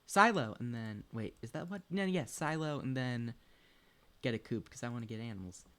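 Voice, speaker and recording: A man's voice: medium pitch, lively intonation, normal speed, bright, forceful tone. Young male streamer, loose and rambly, curses freely, chats to his pet and his viewers. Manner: rambling, swears often, laughs between thoughts; talks to a pet and chat while playing. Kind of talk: casual gaming chat.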